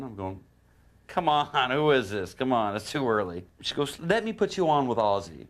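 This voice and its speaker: A guitarist telling a lively anecdote, putting on other people's voices and laughing often. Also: male voice, mid-range voice, normal speed. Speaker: guitarist, interviewee. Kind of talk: animated storytelling.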